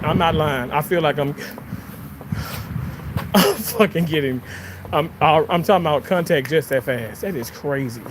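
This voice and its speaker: A rambling, foul-mouthed vlogger walks a city sidewalk and talks to viewers through a handheld phone. The pitch swings widely and the delivery is slow and drawn out. Clear street noise sits behind the voice. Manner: profane, excitable, bursts into sung snippets and laughter. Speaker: vlogger streaming on a walk. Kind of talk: rambling casual commentary to viewers. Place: outdoors on a street sidewalk with trees and cars. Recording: noisy outdoor street recording.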